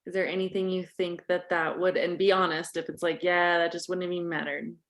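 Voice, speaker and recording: A woman leads a parenting group as its coach. She speaks in a gentle, reflective way, with a voice that sits slightly low, and she acts out what parents and kids might say. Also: flat delivery, a little fast.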